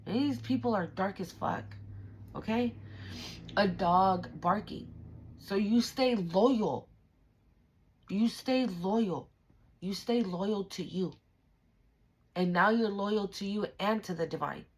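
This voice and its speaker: Slow, emphatic woman tarot reader. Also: mid-range voice, a little hiss or hum. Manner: emphatic, slangy and profane, talks straight to the viewer. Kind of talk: spiritual tarot reading to camera.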